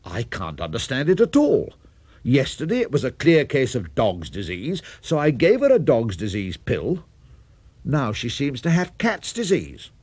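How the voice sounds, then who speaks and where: A man voicing a polite, fussy cow doctor in a children's storybook tale, speaking in a brisk bedside manner. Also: medium pitch, huge pitch swings, darkish tone, slightly rough, no echo, heavily acted. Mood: fussing.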